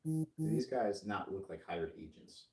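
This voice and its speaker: A man's voice: lowish voice, sing-song, a little slow, darkish tone, far from the mic. A man co-hosting a casual chat podcast who jokes and laughs often. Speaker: podcast co-host. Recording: roomy, off-mic.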